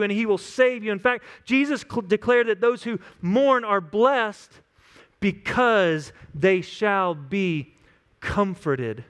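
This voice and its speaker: A man's voice: high voice, fairly bright tone, clean tone. A man in his thirties preaching a sermon as a pastor, earnest and acting out little quoted scenes.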